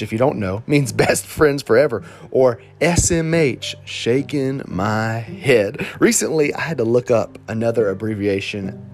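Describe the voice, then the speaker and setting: A man with a Southern Alabama accent, the lead pastor, preaching a conversational sermon with animated, slang-filled examples. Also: medium pitch.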